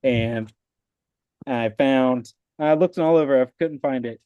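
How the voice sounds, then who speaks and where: A man's voice: mid-range voice, slow pace, dark tone, smooth, no room sound, lo-fi sound. A man, a father with a wife and young kids, casually telling the story of passing his exam on a video call, rambling with lots of "like" and acting out the people he quotes. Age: adult with a wife and young kids. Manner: rambling, full of "like", acts out quoted voices. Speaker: exam passer sharing his story as a guest.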